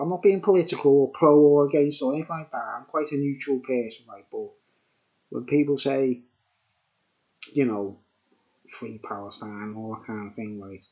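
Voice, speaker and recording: Muffled recording carries a man's medium-pitched, darkish voice at normal speed. He's a vlogger reviewing beer, tipsy from drinking, rambling on camera, repeating himself and ending lines with "mate" or "right?".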